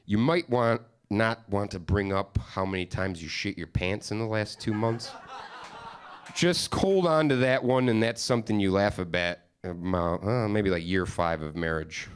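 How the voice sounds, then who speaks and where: A man's voice: on the low side, measured pace, clear, resonant tone. A man from Upstate New York performing a stand-up comedy set, telling profane, rambling stories with mock-exasperated asides. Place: comedy stage with live studio audience.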